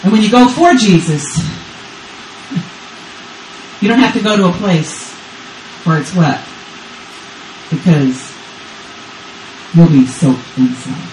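Texas grandma preaching, repeats herself a lot, calls out to the crowd, sounds echoey and kinda off-mic. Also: female voice, lowish voice, slow, pauses often, darkish tone, recorded from a distance, a little hiss or hum. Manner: repetitive, urgent preaching with call-and-response. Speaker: guest preacher. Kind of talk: sermon. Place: church service. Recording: roomy church sound from off-mic.

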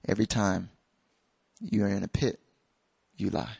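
A man voicing God as a calm, firm presence confronting someone about lying, in a sermon. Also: fairly low pitch, unhurried, creaky, slightly rough, no room sound, voice pushed down, exaggerated voice.

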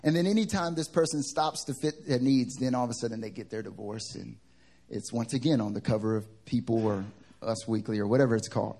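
A man's voice: medium pitch, a little fast, mellow. A man preaching a sermon at a church service. He tells stories in a conversational way that builds to fervent preaching.

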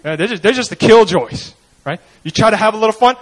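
A young male pastor giving a casual, conversational sermon. His voice sits unusually high for a man and moves a lot in pitch. He slips into quoted voices and asks the crowd "you know what I mean?". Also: lively intonation, fast talker, hardly any pauses, fairly bright tone, rough recording.

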